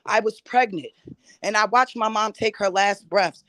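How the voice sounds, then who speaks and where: A woman's voice: mid-range voice, normal speed, a bit bright, dry recording. Angry swearing woman on a phone line. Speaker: panel guest. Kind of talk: heated call-in chat.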